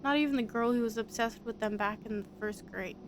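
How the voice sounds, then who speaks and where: A woman's voice: a little high, brisk, a little hiss or hum, close to an everyday voice. Laid-back gossipy young man from a game, slangy delivery, read by a woman. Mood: casual. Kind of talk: voice-acting a visual novel.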